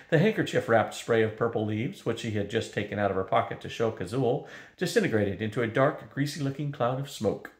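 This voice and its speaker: An older man reading a fantasy novel aloud, steady and unhurried. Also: mid-range voice. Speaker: storyteller. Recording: roomy echo.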